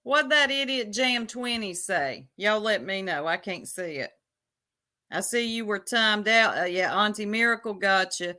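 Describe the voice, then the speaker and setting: A woman's voice: medium pitch, a little slow, pushed and bright. A woman hosting her own livestream, casually chatting and teasing her viewers in a sassy way. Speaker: livestream host.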